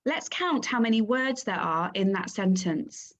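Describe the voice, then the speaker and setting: A woman teaching a phonics lesson to young children, sounding out letters and syllables clearly and praising the class. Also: fairly high pitch, expressive, a little slow, hardly any pauses, dull audio. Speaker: primary school teacher.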